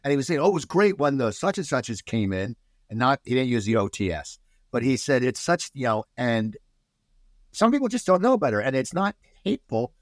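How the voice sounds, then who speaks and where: An American man, a podcast guest, chatting casually and telling animated stories full of restarts. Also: medium pitch, a little fast, no echo, clean studio sound. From United States. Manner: animated storyteller, many restarts.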